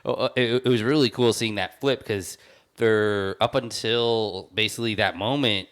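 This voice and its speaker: A man's voice: fairly low pitch, measured pace, fairly bright tone, clear, resonant tone. A man co-hosting a podcast, chatting casually and rambling with many restarts. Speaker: podcast co-host. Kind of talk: casual chat.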